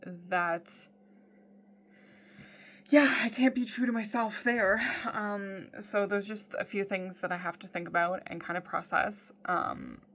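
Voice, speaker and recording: A woman's voice: medium pitch, steady tone, measured pace, fairly bright tone. Blunt, swearing woman vlogger. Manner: blunt, swears freely, many "um" fillers. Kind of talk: casual personal video diary.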